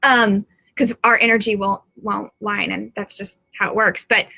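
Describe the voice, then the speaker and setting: A woman's voice: mid-range voice, fairly even intonation, moderate pace, gravelly, pushed and bright, no room sound. A middle-aged woman, a psychic medium, talking to viewers from home in a rambling, earnest live-stream monologue.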